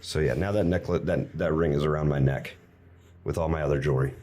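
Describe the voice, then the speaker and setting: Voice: extremely low pitch, steady tone, fast, warm tone. A player at a tabletop game, talking skeptically and drawling in character. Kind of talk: casual in-character roleplay.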